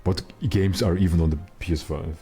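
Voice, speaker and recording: A man's voice: sits low, fairly even intonation, fairly quick, mellow, faint music behind. A man giving casual live commentary while streaming a game, chatty with wry, self-mocking asides.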